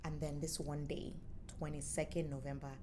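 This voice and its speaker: A young adult woman with a Nigerian accent, telling her story as an interview guest in lively, playful chat and acting out the voices of others. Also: low voice, normal speed, background noise. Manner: animated, playful storyteller who acts out quotes. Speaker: musician and former radio presenter, interview guest.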